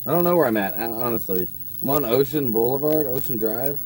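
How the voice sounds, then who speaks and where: A man's voice: medium pitch, expressive, fairly quick, darkish tone, slight background noise. A man chatting loosely on a casual outdoor live stream, rambling and swearing freely. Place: outdoors by his truck at a park.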